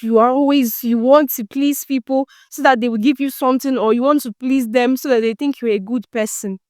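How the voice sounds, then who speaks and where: A woman's voice: high voice, steady tone, brisk, darkish tone, no echo, clean studio sound. A woman hosting a motivational self-help talk, preachy and teasing, full of rhetorical questions. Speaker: self-help podcast host.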